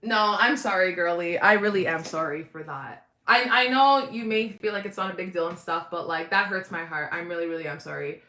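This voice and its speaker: A woman's voice: fairly low pitch, fairly quick, few pauses, bright, forceful tone, echoey room. A young woman hosting a casual livestream, chatting animatedly with her viewers in the chat. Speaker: livestream host.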